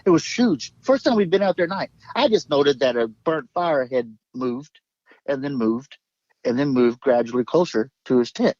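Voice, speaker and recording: A man's voice: medium pitch, lively intonation, normal speed, a little mellow, no echo, dull audio. A man telling his story in a rambling, emphatic way, swearing and jumping between thoughts. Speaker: guest recounting an encounter.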